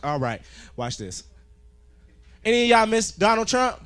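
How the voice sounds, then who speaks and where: A man doing a stand-up set on a club stage, loud and animated, swearing a lot. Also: high voice, a little slow, clean tone. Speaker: stand-up comedian.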